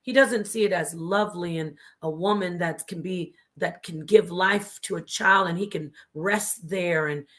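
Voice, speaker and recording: A woman's voice: fairly low pitch, measured pace, few pauses, a bit bright. A woman guest telling her story on a talk show, passionate and preachy, sometimes dropping to a whisper for emphasis. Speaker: guest, former member of a religious group.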